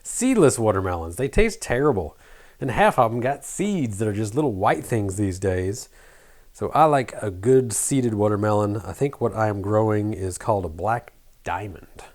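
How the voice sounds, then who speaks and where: A middle-aged man with a faint, mostly flattened Southern American accent, chatting casually and muttering to himself while working at a bench. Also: lowish voice, normal speed. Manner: rambling, self-deprecating, mutters while working. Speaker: hobby shop owner building an RC truck.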